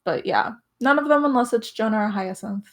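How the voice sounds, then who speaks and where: A woman's voice: fairly high pitch, a little fast. A woman chatting casually in an exit interview over an online voice call, swearing freely and laughing often. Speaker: evicted contestant.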